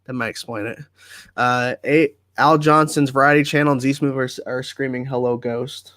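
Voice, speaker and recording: Man hosting a livestream, laid-back and chatty, dry close sound, pitch right in the middle. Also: normal speed, no room sound. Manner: relaxed, chatty, reads viewer comments aloud and answers them. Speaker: livestream host. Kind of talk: casual livestream chat answering viewer comments. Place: at home.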